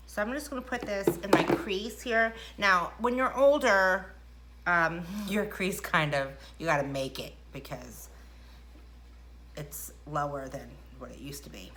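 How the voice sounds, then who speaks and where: Woman, middle-aged, home makeup tutorial, chatty, self-deprecating, lowish voice, faint background hiss. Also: expressive, unhurried. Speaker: makeup vlogger. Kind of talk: casual makeup tutorial chat. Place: indoors at home.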